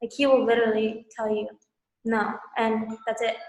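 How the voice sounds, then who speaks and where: A woman's voice: a little high, level tone, moderate pace, slight background noise. A woman sharing hesitantly with a support group, full of fillers. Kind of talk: personal sharing. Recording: roomy echo.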